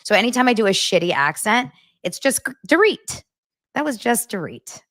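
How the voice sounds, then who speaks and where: Woman, podcast host, casual chat, blunt, self-deprecating, very lively pitch, dry close sound. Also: a little fast, dry recording.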